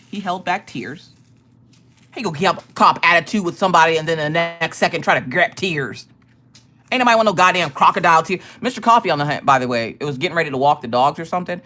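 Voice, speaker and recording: Woman streamer in casual storytelling mode, lively swooping pitch, salty language, frequent laughs. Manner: animated, profane, laughing storyteller. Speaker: streamer and craft channel host.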